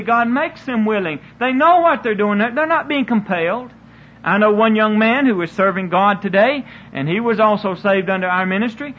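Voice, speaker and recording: Man, preacher, very high voice, earnest and repetitive, dull lo-fi sermon recording. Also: a little hiss or hum.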